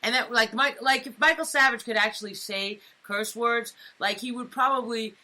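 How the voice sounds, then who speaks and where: Bright-voiced woman co-host, streetwise slang. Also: on the high side, moderate pace. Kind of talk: casual political banter.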